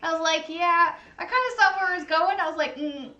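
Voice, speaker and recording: A woman's voice: very high voice, a little fast, pushed and bright, lo-fi sound. A woman hosting a livestream, chatting casually while eating, gushing and talkative with many "like"s. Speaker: livestream host.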